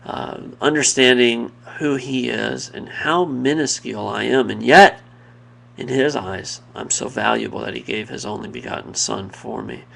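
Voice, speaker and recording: Very gravelly man giving a devotional talk. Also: medium pitch, fairly bright tone. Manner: earnest, reflective, confessional; pauses and restarts mid-thought. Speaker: devotional video speaker.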